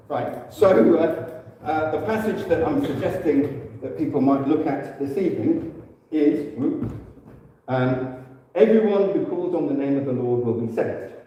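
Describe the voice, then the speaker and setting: English man, warm low-key church speaker, chatty with fillers; roomy hall sound from afar. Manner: relaxed and conversational, with frequent fillers and self-corrections. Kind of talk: informal church teaching talk. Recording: echoey hall, distant mic.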